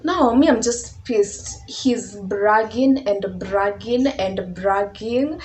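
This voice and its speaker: A woman's voice: medium pitch, takes it slowly, a little mellow, poor audio. A young woman with a Kenyan accent telling a casual storytime, chatty and mixing in Swahili slang. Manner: chatty, mixes English with Swahili slang, laughs often. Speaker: vlogger.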